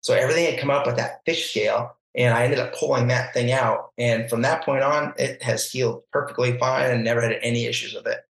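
Man, podcast guest, casual storytelling, animated, roomy echo. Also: medium pitch, a little fast, gravelly, few pauses. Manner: animated, acts out quoted voices, laughs often. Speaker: podcast guest, barefoot water skier.

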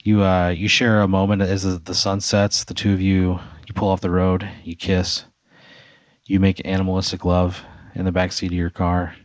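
A man's voice: low voice, monotone, moderate pace, dry recording. A man hosting, narrating an improvised hypothetical scenario in second person, loose and rambling with fillers. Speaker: host.

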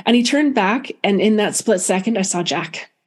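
Woman guest, medium; soft, reflective, halting delivery with frequent restarts; mid-pitched voice. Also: expressive. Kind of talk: emotional personal storytelling.

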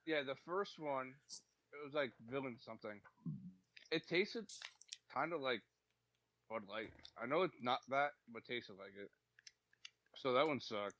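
A man's voice: medium pitch, expressive, a little slow, long pauses, a bit bright, highs cut off. A man co-hosting a casual podcast, teasing his friends bluntly and swearing often. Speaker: podcast co-host. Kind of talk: casual banter.

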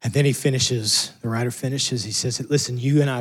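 A man preaching a sermon in a conversational, earnest way, swinging from loud emphasis to soft, hushed lines. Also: mid-range voice, fairly even intonation, fast, hardly any pauses, husky. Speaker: pastor.

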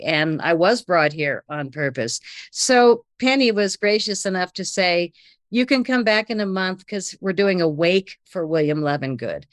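Femme qui raconte une anecdote avec animation. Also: female voice, medium pitch, no echo. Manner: lively, breathless retelling with acted-out quotes.

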